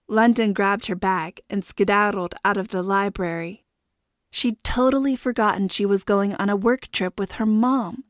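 Woman, audiobook narrator, steady, expressive, middle pitch, dry close sound. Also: normal speed, no echo. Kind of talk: scripted narration.

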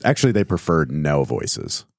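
A man's voice: rumbling low, big pitch swings, moderate pace, vocal fry, darkish tone, husky, no room sound, clean studio sound. A man in casual podcast chat, amused while telling a small anecdote. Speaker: podcast co-host.

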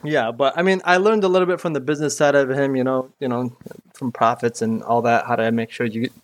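A man's voice: medium pitch, fairly even intonation, brisk. A young man from Iraq, a mechanic guest chatting casually in an interview, rambling and peppering his talk with "dude" and "you know".

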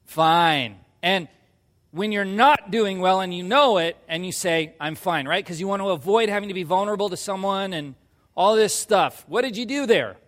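A man preaching a sermon, telling a personal story and acting out quoted lines in a hushed voice before pushing to loud emphasis. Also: sits high, moderate pace, in a large hall. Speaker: pastor.

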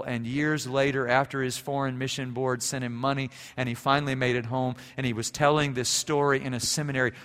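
Preacher guy telling a story in his sermon, gets fired up, crisp bright voice, big echoey church. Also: mid-range voice. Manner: storytelling, swells to fervent emphasis. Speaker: pastor. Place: church sanctuary. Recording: echoey sanctuary.

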